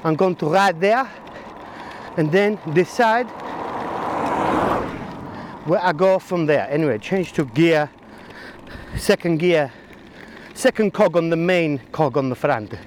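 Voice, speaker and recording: A man's voice: a little high, expressive, takes it slowly, pauses often. A man cycling outdoors, rambling through a casual, jokey vlog about his ride and route. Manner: rambling, jokey, self-mocking, talks to himself. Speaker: cycling vlogger. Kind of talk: casual vlog narration while riding. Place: outdoors on a bicycle, country roads and city. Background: faint traffic and outdoor noise.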